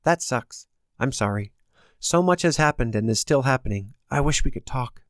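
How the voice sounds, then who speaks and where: A man's voice: mid-range voice, expressive, moderate pace, no room sound, studio quality, lightly acted. A man putting on a tender, pleading teenage girl. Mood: longing. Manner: pleading and emotional. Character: earnest, tender teenage girl longing to talk.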